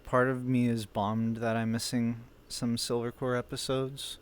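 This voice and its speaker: A man chatting casually to his stream between roleplay scenes. He is animated and profane and takes his time with his words. His voice sits in an ordinary middle pitch. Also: a little slow, slight background noise. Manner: animated, swears freely.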